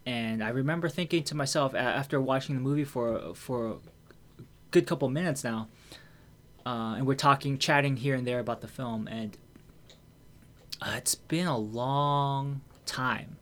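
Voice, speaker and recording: A man's voice: mid-range voice, normal speed, a bit bright. Candid, swearing man telling a story. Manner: candid, swears freely, many fillers and restarts. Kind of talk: casual storytelling.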